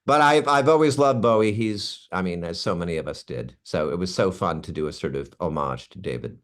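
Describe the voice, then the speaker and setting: A man's voice: deep voice, brisk. A man in his sixties, an actor, chatting in an interview, telling stories with asides and restarts. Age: 60s. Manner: animated storyteller with asides and restarts. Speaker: actor guest. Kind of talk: casual interview chat.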